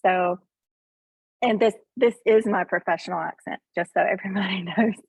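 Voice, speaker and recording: A middle-aged woman with a Southern accent from Tennessee, a farmer telling her story in casual, hesitant talk with many pauses and ums. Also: mid-range voice, fairly even intonation, vocal fry, darkish tone, husky, no echo. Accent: Southern US (Northeast Tennessee). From Northeast Tennessee. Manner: hesitant, lots of ums, self-deprecating laughs. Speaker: farmer, coaching student. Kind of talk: casual testimonial on a video call. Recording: tinny phone-like line.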